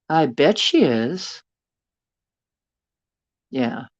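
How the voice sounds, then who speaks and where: A woman's voice: low-pitched, a little slow, long pauses, dry recording. A woman hosting a livestream from her bedroom, chatting casually and rambling while she reads viewer comments. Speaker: livestream host. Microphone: phone. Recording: dull lo-fi phone audio.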